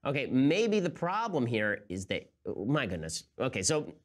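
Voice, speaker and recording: A man's voice: mid-range voice, huge pitch swings, normal speed. A man hosting a political commentary show, talking in a sarcastic, incredulous way. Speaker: host.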